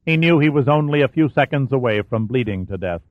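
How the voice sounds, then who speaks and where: A man's voice: mid-range voice, fairly quick, dry recording. Man narrating a thriller, tinny phone-like line. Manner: steady, dramatic storytelling. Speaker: audiobook narrator. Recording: dry, tinny phone-like sound.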